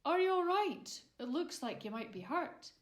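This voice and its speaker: Ben McDooey, a woman doing a gentle Scottish giant. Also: high-pitched, big pitch swings, normal speed, voice pushed up. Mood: reassuring. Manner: warm and reassuring. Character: gentle, kindly male mountain giant. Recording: roomy echo.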